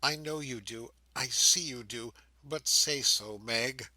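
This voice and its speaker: A man's voice: mid-range voice, takes it slowly, bright, forceful tone, no echo, rough recording. A man reading an audiobook, voicing a fallen young woman who pleads with tremulous grief. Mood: anguished.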